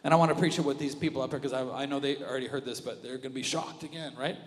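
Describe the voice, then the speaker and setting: A male pastor preaching an animated sermon, dropping to a hush and then rising loud again. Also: medium pitch, very fast. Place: church auditorium with reverb. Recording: live church audio with long reverb and music underneath. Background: worship music.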